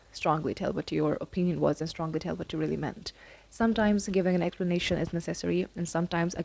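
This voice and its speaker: A young woman with a lowish, gravelly, somewhat dark voice talks straight to the camera in a casual vlog. She gives earnest advice about college life, repeating herself often.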